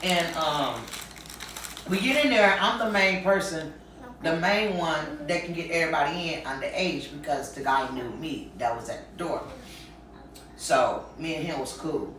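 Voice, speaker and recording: Woman, candid storytelling, frank, lively, quotes voices, roomy echo, faint background hum. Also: deep voice, measured pace. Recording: very echoey room, mic far off.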